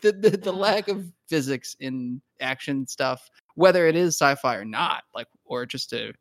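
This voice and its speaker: A man's voice: mid-range voice, animated, measured pace, dry recording. A man chatting casually as a podcast co-host, rambling with frequent restarts and laughter. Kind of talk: casual chat.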